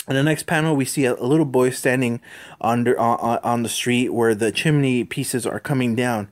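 A man reading a comic book aloud in a relaxed, informal way. He talks in halting bursts, repeating words and restarting his sentences. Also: mid-range voice. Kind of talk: casual comic read-aloud.

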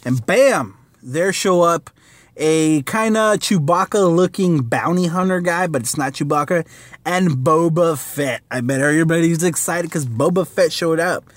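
A man's voice: on the high side, unhurried, no echo. A man reviewing a comic book in a casual, rambling vlog, using lots of fillers and slang.

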